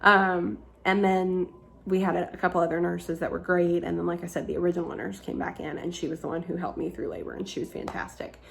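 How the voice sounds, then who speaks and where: Young woman rambling through a story, lots of "like"s, some swearing, gravelly fry in her voice. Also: fairly low pitch, fairly quick. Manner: chatty, frequent "like" fillers, swearing. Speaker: vlogger. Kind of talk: casual storytelling.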